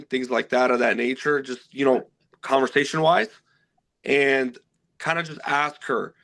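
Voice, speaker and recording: A man giving calm, practical dating advice step by step. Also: mid-range voice, moderate pace. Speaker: matchmaker. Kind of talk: casual coaching chat.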